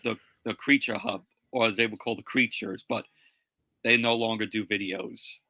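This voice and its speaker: Man, casual chat, husky, sharp bright tone, hesitant, laid-back. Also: fairly low pitch, fairly even intonation, moderate pace, no room sound.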